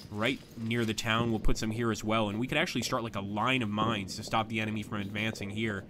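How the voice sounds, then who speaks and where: A man's voice: lowish voice, quick pace. Guy streaming a war strategy game, chatty, walks viewers thru his moves, noisy background hum. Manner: chatty, talks viewers through moves, bursts of excitement at big attacks. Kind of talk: live strategy game commentary.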